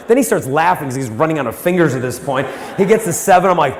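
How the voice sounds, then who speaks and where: A man giving a storytelling talk to a live audience, animated and acting out the voices he quotes. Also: fairly high pitch, fast. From United States. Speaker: speaker. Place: large hall with an audience. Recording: echoey hall.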